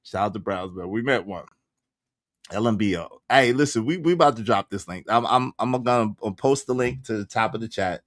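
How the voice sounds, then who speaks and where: A man hosting a casual reaction livestream, loud and slangy, laughing often. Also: fairly low pitch, brisk, no echo, studio quality. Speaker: livestream commentary host.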